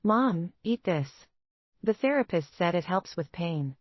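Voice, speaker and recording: A woman's voice: fairly low pitch, big pitch swings, a little slow, no echo, lo-fi sound. A woman voicing a small, desperate young girl pleading with her mother. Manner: pleading, voice cracking.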